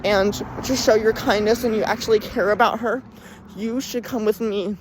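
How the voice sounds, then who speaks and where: A young reviewer voicing a scheming alien villain who coaxes a creature to come along, a little above their own pitch. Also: steady tone, normal speed, a little hiss or hum, close to an everyday voice, rough recording. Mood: coaxing.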